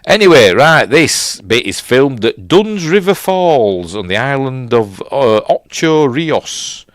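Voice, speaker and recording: A man's voice: mid-range voice, sing-song, takes it slowly, dry recording, studio quality. A middle-aged man with a Yorkshire accent, rambling through a casual film commentary, correcting himself and chuckling between fillers. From Yorkshire, England. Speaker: film reviewer, host.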